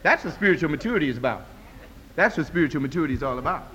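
A man preaching a sermon as pastor, with call-and-response rhythm, moving from low talk to loud high cries. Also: animated, racing, a little hiss or hum. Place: church. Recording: long reverb of a church hall.

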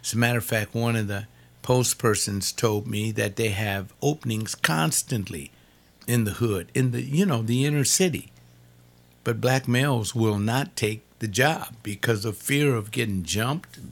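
An older man giving an informal sermon-style talk, repeating words for emphasis. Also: on the low side. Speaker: preacher.

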